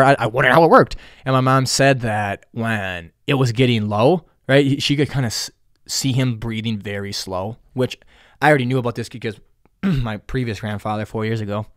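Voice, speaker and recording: A man's voice: medium pitch, normal speed, fairly bright tone, no room sound, clean studio sound. Young man telling a rambling story. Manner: rambling, profane, with sarcastic asides. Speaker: podcast host. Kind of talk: casual personal storytelling.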